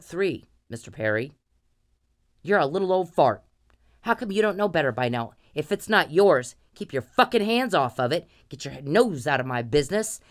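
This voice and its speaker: A woman ranting straight to her audience, confrontational and profane, scolding someone she addresses directly. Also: sits low. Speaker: vlogger. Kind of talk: angry direct-to-camera rant.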